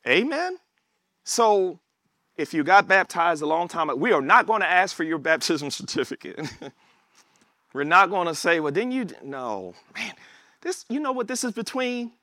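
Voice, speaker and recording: Lively high-voiced preacher man. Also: normal speed, no echo, studio quality. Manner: conversational preaching that swings from low asides to high excited shouts. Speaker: pastor. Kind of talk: sermon.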